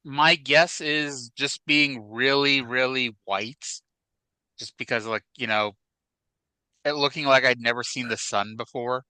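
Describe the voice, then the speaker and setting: A man in his forties chats and tells stories on a podcast, with a bright, clean, well-defined voice. The sound is close and dry, with no room around it. He wanders through his tales and keeps adding "like" and "you know.". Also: medium pitch, steady tone, unhurried, clean tone, dry recording, low-quality recording. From northern USA. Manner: rambling storyteller, many fillers like "like" and "you know". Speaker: podcast co-host. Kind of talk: casual chat.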